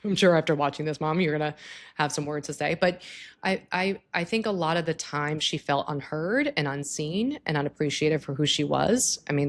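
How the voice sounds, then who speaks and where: A woman psychologist giving advice in a casual, explanatory talk, speaking informally and addressing the listener directly with tag questions. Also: low-pitched.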